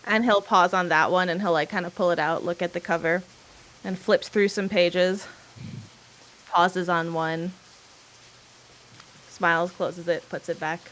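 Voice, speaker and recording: A woman's voice: on the low side, steady tone, unhurried, pauses often, a bit bright. Woman narrating a tabletop game. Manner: describes character actions step by step. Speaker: game master.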